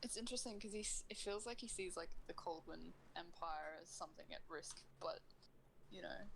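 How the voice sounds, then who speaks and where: A woman's voice: on the low side, normal speed, creaky, fairly bright tone, slight background noise, rough recording. A woman co-hosting a game stream, chatting casually with brief replies. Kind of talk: casual gameplay chat.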